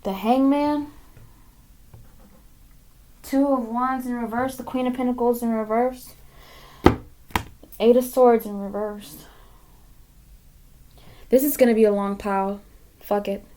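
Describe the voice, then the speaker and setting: A woman's voice: fairly high pitch, steady tone, takes it slowly, long pauses, slight background noise. Blunt, profane woman tarot reader. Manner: blunt and profane, repeating phrases for emphasis; swings between loud emphasis and hushed, near-whispered asides. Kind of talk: pick-a-card tarot reading to camera.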